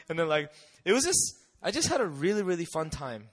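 Animated man telling a mission story. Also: on the high side. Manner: animated storyteller, acts out voices, laughs often. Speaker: missionary speaker. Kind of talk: storytelling testimony talk.

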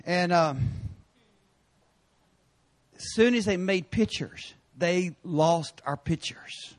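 A man preaching in a church sanctuary, his voice sitting high for a man. He tells stories with energy, jumping from loud, punchy lines to quiet asides. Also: slow pace. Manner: animated storytelling with sudden loud and quiet turns. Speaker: guest preacher. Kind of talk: sermon.

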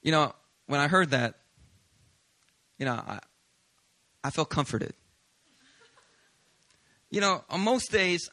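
Pastor guy preaching, pretty high voice, super bright, dry close sound. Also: slow pace, long pauses, dry recording. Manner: animated, confessional storytelling with humor. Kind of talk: sermon.

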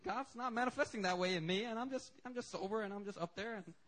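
A man preaching at a church service, his voice sitting fairly high. He tells stories with lively humor and an easygoing, animated delivery. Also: fast. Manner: animated, joking storytelling. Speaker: pastor. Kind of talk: sermon.

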